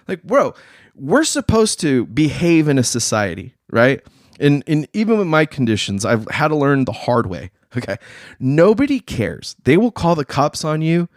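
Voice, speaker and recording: A man hosting a casual talk show, talking in slang and acting out other people in quick voices. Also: on the high side, very animated, no room sound, studio quality. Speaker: podcast host. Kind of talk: casual chat.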